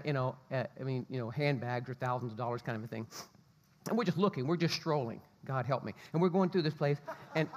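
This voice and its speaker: Animated man preaching in a reverberant hall. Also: fairly high pitch. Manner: animated storyteller, acts out quotes. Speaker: pastor. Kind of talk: sermon.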